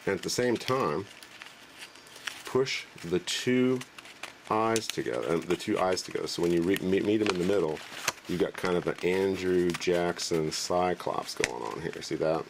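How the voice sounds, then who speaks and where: Deep-voiced man, casual, rambling trick tutorial. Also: moderate pace, noisy background. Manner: relaxed, rambling, joking. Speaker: magic trick presenter. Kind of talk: casual demonstration.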